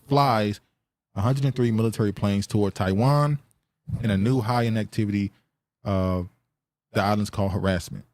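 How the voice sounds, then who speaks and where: A man's voice: fairly low pitch, a little mellow, dry recording. A man hosting a podcast, reading news headlines aloud and riffing on them in a loose, argumentative chat. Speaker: podcast host.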